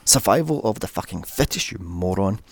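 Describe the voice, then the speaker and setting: A man's voice: low voice, expressive, brisk, creaky, slightly rough, dry recording, clean studio sound. A man narrating a sarcastic, sweary film recap in a mocking, exasperated manner.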